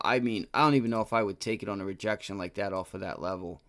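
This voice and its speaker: A fast talker with a lowish, somewhat bright voice, this man streams his day trading live and reasons out loud over the charts. Between complaints about his aching back, he swears in angry frustration at bad trades.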